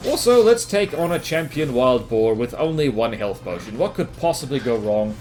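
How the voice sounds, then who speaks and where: A man's voice: medium pitch, very animated, moderate pace, few pauses, darkish tone, soft background music. A man from New Zealand with a New Zealand accent, giving rambling, self-mocking commentary over his gameplay. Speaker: gaming commentator.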